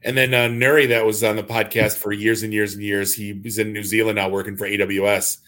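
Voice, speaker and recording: A man hosting a podcast, chatting casually and telling jokey, animated stories. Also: lowish voice, fairly quick. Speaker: podcast host. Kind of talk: casual chat.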